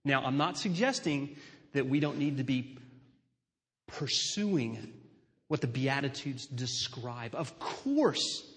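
A man preaching a sermon as pastor, slow and emphatic, building on repeated refrains. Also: medium pitch, expressive, long reverb tail.

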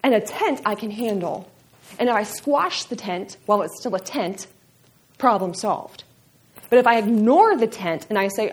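A woman's voice: mid-range voice, animated, normal speed. A woman giving a candid, conversational personal testimony at a church event, with frequent fillers.

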